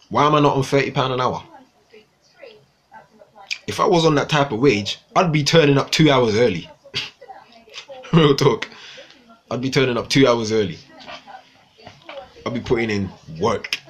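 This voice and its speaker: A man's voice: medium pitch, a little slow, long pauses, slightly rough. A young man ranting casually to viewers on a livestream, swearing often and repeating himself. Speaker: livestream host.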